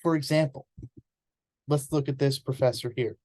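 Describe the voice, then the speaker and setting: A man's voice: mid-range voice, fairly even intonation, normal speed, a little mellow, no room sound. A man giving an informal explanatory presentation in an earnest, conversational way, often restarting words mid-sentence.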